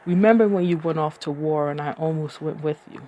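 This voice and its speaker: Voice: medium pitch, fairly quick, dark tone, slight background noise, close to an everyday voice. A poetry reader voicing a defiant woman warrior pleading with her husband in an impassioned, declaiming poetry reading.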